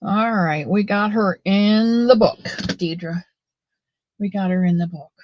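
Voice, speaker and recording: Chatting loosely on her livestream, this woman greets viewers by name and fills her talk with fillers. She speaks slowly in a mid-range voice. The recording is dry, picked up by a built-in mic that gives dull, lo-fi sound.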